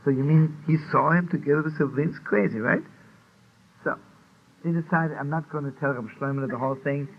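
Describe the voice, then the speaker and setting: Man, animated storyteller voicing the characters, old tinny recording with hiss. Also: on the high side, brisk. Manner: animated storyteller, acts out dialogue, laughs often. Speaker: rabbi telling a Hasidic story. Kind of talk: storytelling talk.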